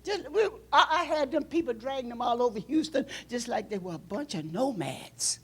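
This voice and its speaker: A woman pastor preaches in a church, her plain in every line. Her voice is husky and sits fairly high, with pitch that climbs and plunges. She swings from loud outbursts down to near whispers. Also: lively intonation, moderate pace. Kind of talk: sermon.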